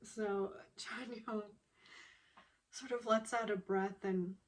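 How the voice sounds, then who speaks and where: A young woman casually recapping a TV episode, soft and hesitant, with fillers and quiet laughs. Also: mid-range voice, steady tone, takes it slowly. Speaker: recap vlogger.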